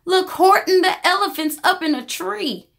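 A woman voicing a band of teasing animal friends in a storybook read-aloud, mocking and shouting. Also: extremely high pitch, animated, normal speed, creaky, pitched above the performer's own voice, full character voice. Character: jeering crowd of young animal friends.

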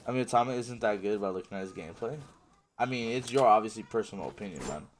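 Over a faint hiss or hum, a fairly low-voiced male streamer moves at a quick pace, reading chat aloud and replying while he plays. He's casual and slangy, with "bro" and "man" coming up often.

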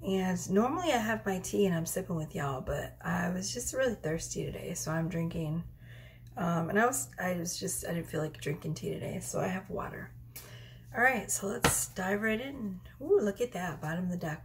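A woman in her thirties giving a casual tarot reading at home, chatty and rambling, with soft whispered asides. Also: medium pitch, normal speed, background noise. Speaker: tarot reader. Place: home room.

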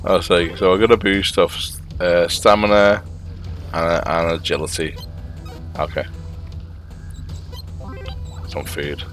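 A man's voice: low-pitched, steady tone, takes it slowly, long pauses, a bit bright, soft background music. A man doing casual gameplay commentary, muttering to himself and repeating words as he plays at his computer.

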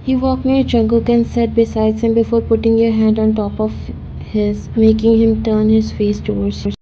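A woman narrating a fan-fiction story in an even, unhurried reading voice. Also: a little high, highs cut off, a little hiss or hum. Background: faint music.

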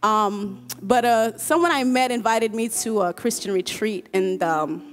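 A woman choir member giving an earnest, emotional personal testimony at a church service. She talks haltingly, restarting and repeating words and often breaking into laughter. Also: mid-range voice.

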